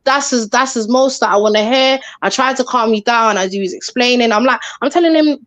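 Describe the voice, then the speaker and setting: A woman telling a story on a live panel, animated and chatty, acting out what people said. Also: fairly high pitch, a little fast, few pauses, no room sound. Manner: animated, acts out quotes, chatty slang. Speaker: panel guest.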